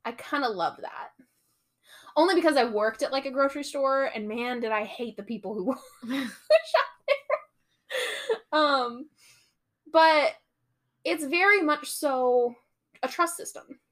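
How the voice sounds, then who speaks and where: A woman's voice: high voice, lively intonation, measured pace, pauses often. A young woman hosting a casual podcast, retelling a novel's plot with quoted voices and frequent swearing. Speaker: podcast host. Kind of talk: casual book recap chat.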